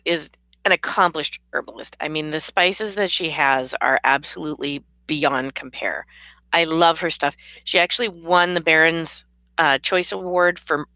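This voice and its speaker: A woman's voice: deep voice, bright, forceful tone, dry recording. A tired woman chatting casually to her camera in a rambling, laughing way. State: tired, yawning. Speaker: vlogger and author. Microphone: camera mic.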